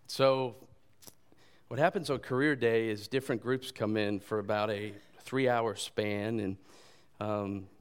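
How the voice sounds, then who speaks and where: A man's voice: on the low side, clear, resonant tone. Man preaching, chatty storytelling. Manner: conversational, animated storyteller. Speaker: pastor. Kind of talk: sermon with personal storytelling.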